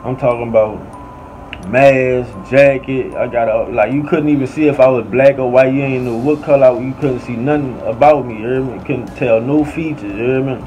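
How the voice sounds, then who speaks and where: A man's voice: medium pitch, steady tone, normal speed, warm tone. Slangy New Orleans man telling a story. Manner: slangy, keeps saying "you hear me". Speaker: podcast storyteller. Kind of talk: casual storytelling. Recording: slightly dull audio with faint air conditioning hum.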